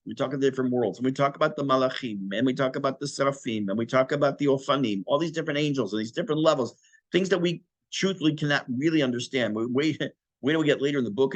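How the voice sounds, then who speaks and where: A man, a rabbi, giving a Torah class, explaining Hebrew terms in English with animated, self-correcting delivery. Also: mid-range voice, no echo.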